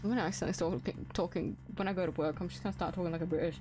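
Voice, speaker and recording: A woman's voice: lowish voice, steady tone, rapid-fire, music in the background. A woman giving casual, rambling commentary while playing a game, often giggling and swearing. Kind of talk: casual let's-play commentary.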